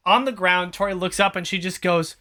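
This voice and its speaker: A game master narrating a tabletop game in a playful, animated way, laughing often. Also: medium pitch, fairly quick.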